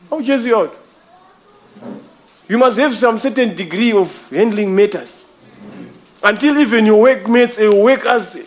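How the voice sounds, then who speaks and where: A man preaching a sermon, emphatic and repetitive, calling his listeners brother. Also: high voice. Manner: emphatic, repeats phrases, addresses listeners as brother.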